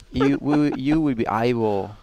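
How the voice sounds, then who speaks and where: A man doing an impression of a slow-talking colleague, drawing out his words. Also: mid-range voice, darkish tone, a little hiss or hum. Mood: drawling. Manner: slow, drawn-out delivery.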